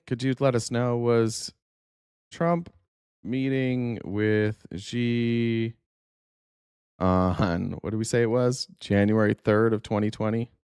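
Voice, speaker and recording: A man's voice: fairly low pitch, a little mellow, clean tone, dry recording, clean studio sound. A young man hosting a political commentary show, speaking sarcastically and swearing often. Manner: sarcastic, profane, laughs often. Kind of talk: casual reaction commentary.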